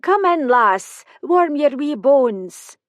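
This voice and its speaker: A woman voicing a warm older housekeeper, motherly and coaxing. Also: high voice, big pitch swings, takes it slowly, no echo, pitched above the performer's own voice, heavily acted.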